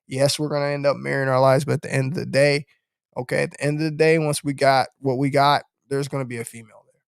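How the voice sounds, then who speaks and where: A man's voice: medium pitch, flat delivery, quick pace, creaky, smooth, dry recording, studio quality. A man hosting a live-stream podcast, talking bluntly and preachily, with lots of swearing and repeated tag questions. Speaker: podcast host.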